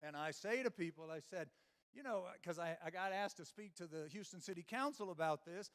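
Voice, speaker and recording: High-voiced man telling keynote stories. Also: expressive, brisk, a bit bright. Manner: storytelling with quoted dialogue and rants. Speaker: keynote speaker. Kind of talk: humorous conference keynote. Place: conference stage before a live audience.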